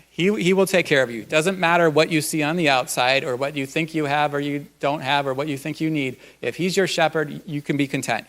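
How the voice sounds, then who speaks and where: A man's voice: fairly high pitch, a bit bright. A male pastor giving a conversational sermon at a church, folksy and loose, with frequent ums and uhs.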